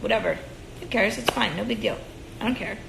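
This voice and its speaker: Young woman, profane sarcastic rant, high-ish voice with vocal fry, phone livestream from home. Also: fairly quick, noisy background. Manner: profane, sarcastic ranting with sung asides. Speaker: livestream host. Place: room at home. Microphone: phone at arm's length. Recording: echoey room on a phone stream.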